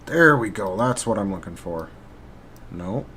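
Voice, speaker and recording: A man narrating as game master in a live-streamed tabletop game, pausing and restarting while he works his game tools. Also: lowish voice, animated, sharp tone, slight background noise. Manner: halting, pauses while working the game tools. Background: faint guitar music.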